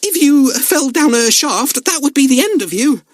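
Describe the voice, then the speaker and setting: A man's voice: very high-pitched, wildly swooping pitch, moderate pace, dry recording, studio quality, voice pushed up, heavily acted. A man voicing a nervous woman with a shaky voice in an audiobook. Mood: alarmed. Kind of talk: audiobook character voice.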